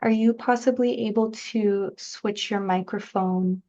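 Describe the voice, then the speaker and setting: A woman's voice: medium pitch, fairly even intonation, unhurried, dark tone, highs cut off. A woman facilitating a public meeting, polite and apologetic as she steps in.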